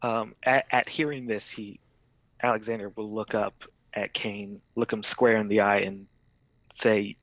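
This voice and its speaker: Slow, low male player, hesitant, dry close recording. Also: flat delivery, fairly bright tone, no echo, rough recording. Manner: hesitant, with many fillers. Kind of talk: narrating a tabletop audition game.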